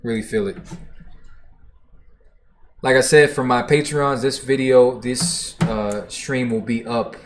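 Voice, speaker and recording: A man's voice: medium pitch, level tone, measured pace, few pauses, slight background noise. A man hosting a music reaction livestream, chatting casually and reading viewer comments aloud in a laid-back, profane way.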